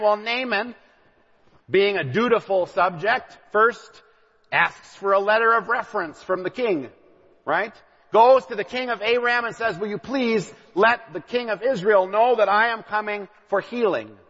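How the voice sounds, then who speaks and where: A pastor in his thirties preaches a sermon with a high-pitched, slightly rough voice that's a bit bright. He retells a story, adding asides and acting out the characters' lines. The recording is dull, with long hall reverb.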